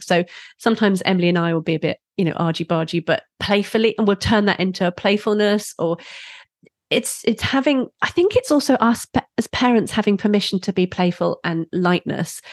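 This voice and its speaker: A woman who works as a parenting instructor, talking as a guest in a podcast interview, playful and quick to laugh. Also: medium pitch, no echo, studio quality. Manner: playful, laughs easily, animated. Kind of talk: conversational interview.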